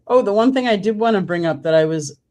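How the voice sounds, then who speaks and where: A co-host on a casual sports talk stream, giving short agreeing replies and quick bursts of opinion. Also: mid-range voice, lively intonation, darkish tone.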